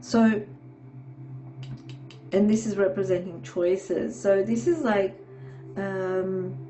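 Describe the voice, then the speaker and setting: A woman with a cold-stuffed, nasal voice reads tarot cards at an unhurried pace. Her tone is mellow and soft, and she wanders between thoughts, checking in with "okay" as she goes. Faint music plays quietly underneath. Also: medium pitch, rough recording. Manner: meandering, reassuring, frequent "okay". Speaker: tarot reader. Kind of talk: casual tarot reading to camera.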